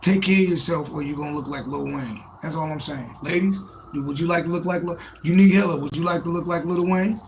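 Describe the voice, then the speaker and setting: A man hosts a casual livestream, riffing and swearing freely as he answers his chat. His voice sits a little high and carries a gravelly fry. A faint room ambience hums behind him. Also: quick pace, hardly any pauses, darkish tone, a little hiss or hum, poor audio. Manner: loose, profane, joking, talks to chat. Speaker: livestream host, tarot reader.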